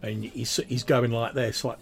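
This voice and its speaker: A man's voice: mid-range voice, flat delivery, normal speed, creaky. A man narrating as game master of a tabletop game in a casual, rambling way with many fillers.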